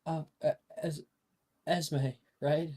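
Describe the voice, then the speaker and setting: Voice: medium pitch, steady tone, slow pace, mellow, husky, pitched above the performer's own voice. The game master voicing a nervous, awkward boy wizard student who stammers.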